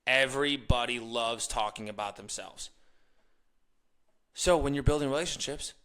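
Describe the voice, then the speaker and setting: A young man hosting a podcast, giving a casual motivational monologue, animated and ranting, mimicking other people in quick quoted asides. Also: medium pitch. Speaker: podcast host.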